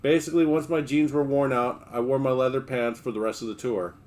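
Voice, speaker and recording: A man hosting a livestream, reading a memoir aloud in a steady, relaxed first-person voice. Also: medium pitch, brisk.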